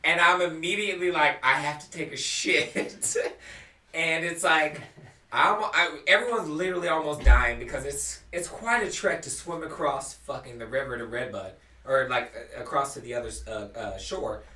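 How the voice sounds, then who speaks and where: A man's voice: fairly high pitch, moderate pace. A young man telling a rowdy story in casual chat on a live stream. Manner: animated, laughing storyteller. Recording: echoey room, mic at a distance.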